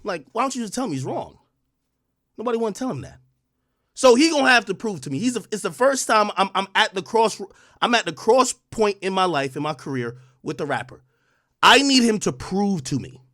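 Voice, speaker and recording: High-voiced guy going off on a stream, loud and cussing, dry close sound. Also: fairly quick, no echo. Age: adult under 45. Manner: loud, profane, combative, swings from shouting to calm. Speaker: streamer commentator. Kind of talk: heated livestream rant.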